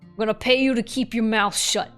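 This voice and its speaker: A brash, foul-mouthed murderous rag doll spirit talks in a loud New York accent, as a woman puts her on. She sounds gruff and fed up, and her voice is a little louder and higher than plain speech. Faint music plays behind her. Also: fairly even intonation, a little fast, lightly acted. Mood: gruff, exasperated. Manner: gruff, blunt and exasperated.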